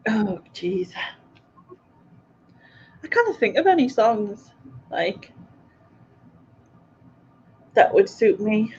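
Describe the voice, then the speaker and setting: A woman's voice: mid-range voice, big pitch swings, drawn-out words, pauses often, darkish tone, breathy edge. A woman hosting a livestream in a casual chat, giggling often between remarks. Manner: giggly, chatty, laughs often. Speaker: livestream host. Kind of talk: casual chat reading live comments. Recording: dull lo-fi stream audio.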